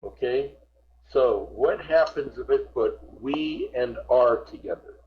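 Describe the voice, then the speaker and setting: Slow, patient male teacher on a video call. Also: mid-range voice, lo-fi sound, a little hiss or hum. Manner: patient, repeats words slowly to correct pronunciation. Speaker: English teacher. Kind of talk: online group class instruction.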